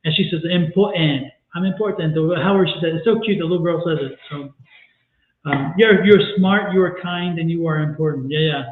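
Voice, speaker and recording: A man co-hosting a tarot livestream talks with animated, emphatic enthusiasm. His voice sits fairly high for a man. It comes through a thin, phone-like connection with a roomy echo. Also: brisk. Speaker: tarot reader co-host. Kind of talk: livestream chat. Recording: echoey, phone-like audio.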